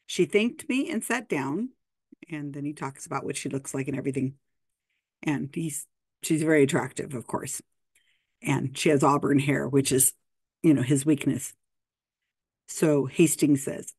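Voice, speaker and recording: A woman's voice: deep voice, normal speed, darkish tone, breathy edge, dry recording, clean studio sound. A woman host, explaining a story in a casual way and reading passages aloud with quoted dialogue. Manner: chatty, reads passages with quoted dialogue, frequent restarts.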